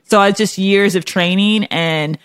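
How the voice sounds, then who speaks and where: A chatty, self-deprecating woman in her thirties hosts a casual podcast conversation, talking in quick bursts full of restarts. Her voice sits at a middle pitch. The recording is dry and close. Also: smooth, no room sound. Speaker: podcast host. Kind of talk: casual chat.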